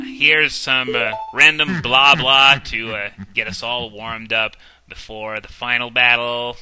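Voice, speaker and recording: This young man's gameplay commentary is casual, chatty and self-deprecating, full of "uh"s and "um"s, with video game music and a crowd audible behind him. He speaks slowly with few pauses, at a medium pitch and fairly even intonation, on a low-quality recording.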